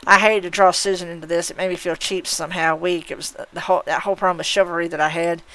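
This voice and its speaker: Woman, live novel read-aloud, unhurried, occasional slips and restarts, middle pitch. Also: little pitch movement, a bit bright, no room sound, low-quality recording. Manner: unhurried reading with occasional slips and self-corrections. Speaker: streamer reading a novel.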